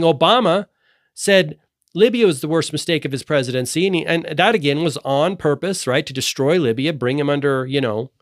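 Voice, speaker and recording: A man's voice: fairly high pitch, no echo, studio quality. A man giving a heated, rambling monologue straight to camera, sometimes losing his train of thought. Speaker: vlogger. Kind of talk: unscripted political monologue.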